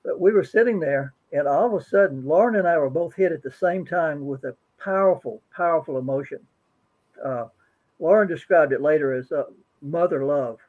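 A man's voice: fairly high pitch, moderate pace, narrow, tinny audio. A man guest and co-author telling a personal story earnestly, often repeating words as he goes. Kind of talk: interview storytelling.

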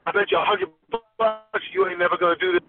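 Man impersonating a folksy veteran wrestling coach, squeaky high drawl, tinny phone sound, faint hiss. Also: huge pitch swings, quick pace, creaky, faint music behind, exaggerated voice. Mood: enthusiastic. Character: folksy older male wrestling coach, calls everyone baby.

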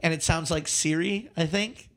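A man co-hosting a casual movie podcast, ranting with animated exasperation and frequent swearing. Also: fairly high pitch, moderate pace. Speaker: podcast co-host.

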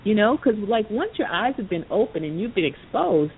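A woman hosting a talk show, telling a story casually and acting out the voices of the people in it, with lots of fillers. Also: normal speed. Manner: animated storyteller, acts out quoted voices, many fillers. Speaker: podcast host. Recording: tinny phone-line audio with faint rumble.

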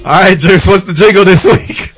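A man's voice: high-pitched, fairly bright tone, soft background music. A man co-hosting a casual podcast, teasing the others and cracking jokes. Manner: teasing, quick to joke. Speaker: podcast co-host. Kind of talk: casual banter.

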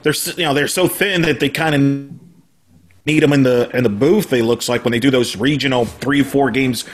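A man in casual sports talk as a podcast panelist, relaxed and conversational. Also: medium pitch, normal speed.

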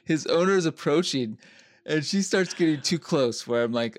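A man's voice: medium pitch, a little fast, no room sound. A young man co-hosting a podcast, telling a crude story in casual chat with lots of swearing. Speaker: podcast co-host.

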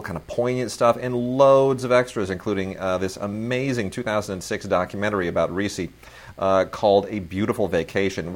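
Enthusiastic low-voiced man chatting films. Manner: enthusiastic, rambling, lots of fillers. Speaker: film podcast co-host. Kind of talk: casual chat about new film releases.

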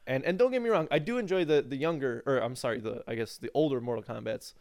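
A man co-hosting a casual podcast about fighting games, animated and sarcastic, swearing freely. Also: medium pitch, fast, no echo, studio quality. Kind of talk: casual gaming chat.

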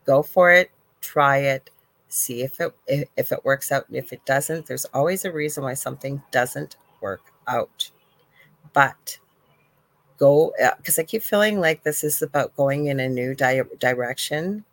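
A woman's voice: very deep voice, normal speed, no room sound, rough recording. A Canadian woman hosting a talk show and giving casual psychic readings, chatty and encouraging, with self-deprecating asides. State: briefly coughing. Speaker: psychic radio host.

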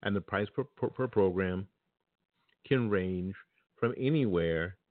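Over a tinny, telephone-quality line that sounds dry and close with no echo, a very low-pitched man hosts a podcast talk show. He addresses his audience directly at an unhurried pace, casual, blunt, and full of opinions.

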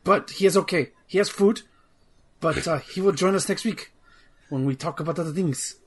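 A man's voice: fairly high pitch, moderate pace, husky, voice pushed up. A man putting on a pompous fake-French accent. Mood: pompous, theatrical. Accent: mock French. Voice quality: exaggerated put-on accent. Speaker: podcast co-host.

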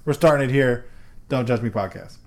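A man co-hosting a podcast, telling stories in a casual, animated way and laughing often. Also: medium pitch, brisk. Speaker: podcast co-host.

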